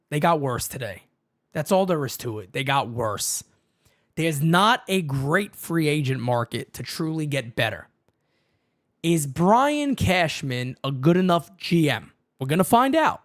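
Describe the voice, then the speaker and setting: Fired-up shouting sports talk host man. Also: on the high side, big pitch swings, unhurried. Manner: fiery, repetitive, profane, shouts often. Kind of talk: heated sports talk rant.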